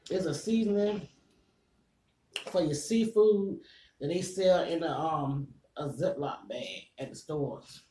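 A food vlogger with a stuffed-up nose chats casually with viewers, whom he calls y'all, as he eats at home, breathing a little heavily between bites. His fairly high, mellow voice goes at a slow pace in a reverberant space with slight background noise.

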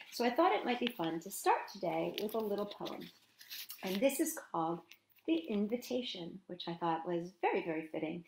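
A woman hosting a children's storytime, reading poems and singing greetings in a gentle, animated way. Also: medium pitch, a little hiss or hum. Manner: gentle and animated, talking to young kids. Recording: echoey room with guitar. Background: guitar strumming.

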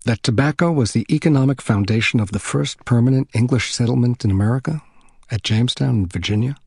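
A man voicing a tall, severe but gracious older rabbi who speaks softly and with deliberate care. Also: mid-range voice, slightly rough, no room sound, clean studio sound. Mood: gracious, measured. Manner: soft, measured, deliberate speech.

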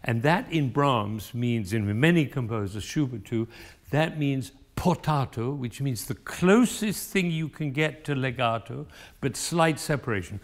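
A man's voice: mid-range voice, animated, a little slow. A man coaching a cellist in a masterclass, singing phrases aloud to demonstrate and pressing for expression. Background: cello playing.

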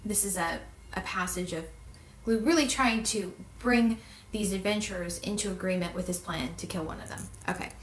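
A woman's voice: medium pitch, moderate pace. A woman reviewing a fantasy novel in a casual, conversational way, in a roomy, distant recording. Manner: conversational, with fillers and restarts. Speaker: book reviewer. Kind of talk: casual book commentary with read-aloud passages. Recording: roomy echo, distant mic.

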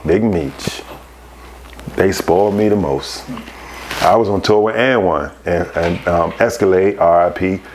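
A man, a podcast guest, telling casual stories, animated and laughing as he acts out other people's voices. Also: deep voice, measured pace, a little hiss or hum. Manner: animated, laughs through his anecdotes. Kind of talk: casual storytelling.

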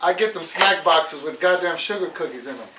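A man's voice: fairly high pitch, brisk, recorded from a distance. A man co-hosting a live stream, reading comments and joking casually, with lots of "you know what I'm saying". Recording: echoey room, voice off-mic, faint noise.

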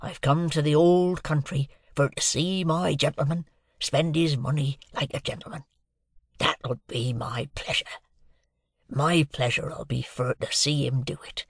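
A man doing a gravelly old convict. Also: fairly high pitch, steady tone, a little slow, no echo, studio quality. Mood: boastful. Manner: coarse dialect, hoarse hushed urgency. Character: rough older male convict, fiercely devoted.

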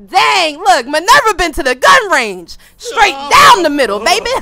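A young woman hosting a gaming video, giving loud, playful trash-talk commentary full of slang. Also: very high voice, sing-song, a little slow, noisy background. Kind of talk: let's play commentary.

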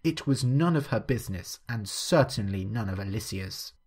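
A man narrating a scripted story clearly and steadily for language learners. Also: on the low side, lively intonation, normal speed, a little mellow.

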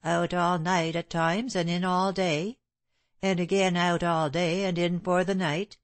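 Stern gentleman in a storybook, hard-voiced and composed, read by a woman, low and unhurried. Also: little pitch movement, no room sound, natural voice. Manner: cold and composed.

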